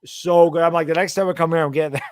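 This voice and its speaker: A man's voice: fairly high pitch, very fast, clean tone, no room sound, clean studio sound. A man in his thirties, co-hosting a sports talk stream, tired and yawning, chatting in a loose, rambling way. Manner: rambling, relaxed storytelling. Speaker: co-host. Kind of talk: casual chat.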